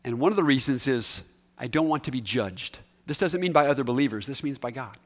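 A man preaching a sermon, emphatic, repeating key words and swinging between loud and soft. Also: mid-range voice, lively intonation, a little fast. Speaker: pastor.

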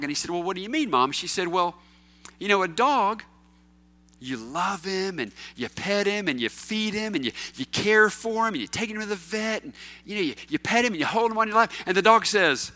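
A man preaching a sermon to his congregation, swinging between loud emphatic questions and quiet low asides. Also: animated, moderate pace. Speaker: pastor.

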